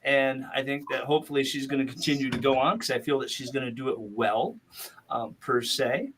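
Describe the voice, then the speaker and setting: A man's voice: mid-range voice, fairly quick, a bit bright, slight background noise. A man hosting a podcast, chatting casually in a rambling way and laughing often. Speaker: podcast host.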